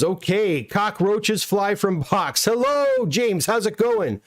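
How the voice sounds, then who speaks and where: A man's voice: sits high, animated, slow pace. A middle-aged Canadian man hosting a casual live stream from his home workshop. He reads viewer comments aloud and answers each one with a chatty, self-deprecating manner. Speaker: comic book pressing business owner streaming a live unboxing.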